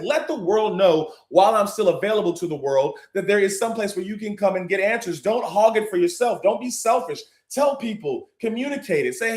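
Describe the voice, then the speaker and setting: A man hosting a livestream, hyping the audience and preaching about business, swinging between loud and hushed. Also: sits high, lively intonation, normal speed, reverberant. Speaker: livestream host. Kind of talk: hyped livestream talk.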